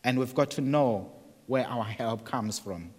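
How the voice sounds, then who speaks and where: A male preacher delivers a sermon at an unhurried pace. He speaks earnestly, repeating words and restarting phrases as he goes. His voice carries a long reverb, as though heard in a large hall. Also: medium pitch.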